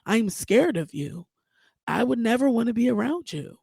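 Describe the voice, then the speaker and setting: A woman hosting a podcast, giving outspoken, animated, profane commentary. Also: a little high, normal speed, vocal fry, breathy edge, no echo, clean studio sound. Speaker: podcast host. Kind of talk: casual commentary.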